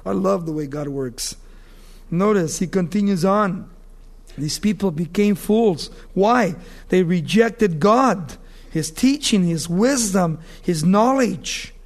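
A man preaching a sermon with emphatic delivery, slowing down to read scripture and acting out the voices of the people he quotes. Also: high-pitched, animated. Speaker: pastor.

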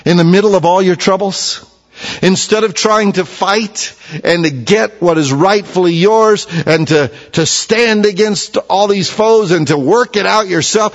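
A man preaching a sermon, moving between hushed low lines and raised emphatic ones. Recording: dull sound with long hall reverb.

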